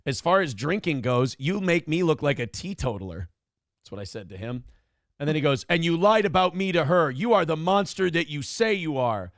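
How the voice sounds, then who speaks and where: A man's voice: a little high, very animated, moderate pace, dry recording, clean studio sound. A man hosting a casual morning show, talking in a blunt, profane and sardonic way. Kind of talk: casual podcast chat.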